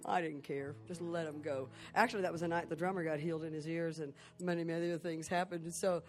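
A woman's voice: low voice, fairly even intonation, quick pace, soft background music. A woman telling rambling stories during a church service, acting out the people she quotes. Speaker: co-preacher. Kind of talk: storytelling in a sermon.

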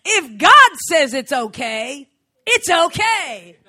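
A middle-aged woman preaching a fervent sermon, swinging from soft, slow passages to shouted exclamations and frequent laughter. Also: high voice, big pitch swings. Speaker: traveling preacher.

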